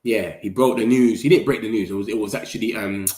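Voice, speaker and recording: A man, talking excitably in slang as a football fan streamer and reacting to his chat. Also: on the low side, fast talker. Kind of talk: casual livestream commentary. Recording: roomy echo.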